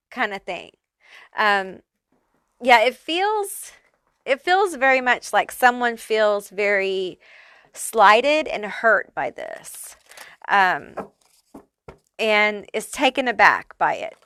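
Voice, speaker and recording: A woman's voice: medium pitch, big pitch swings, slow pace, fairly bright tone, dry recording. A woman giving a casual pick-a-card tarot reading, chatty and loose, swearing freely and using lots of fillers. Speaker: tarot reader.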